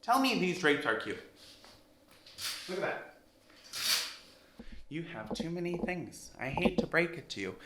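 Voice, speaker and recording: A man with a fairly high, very animated voice hosts a casual house-tour vlog, speaking directly to viewers in an emphatic, sassy way as he moves through the rooms of an emptyish house indoors. He talks a little slowly and pauses often. The rooms sound roomy and echoey, with noise in the background.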